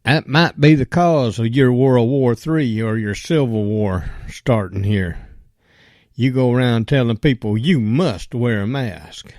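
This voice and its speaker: A man's voice: medium pitch, unhurried, darkish tone, no echo, clean studio sound. A man delivering an angry, profane rant that he aims straight at a politician. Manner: blunt and profane, addresses a politician directly.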